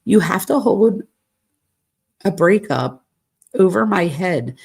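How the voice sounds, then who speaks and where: A woman's voice: lowish voice, expressive, slow, creaky, a little mellow, breathy edge, heavily acted. A woman reading aloud the text messages of a hurt young man who wants an apology, in a lightly raised voice.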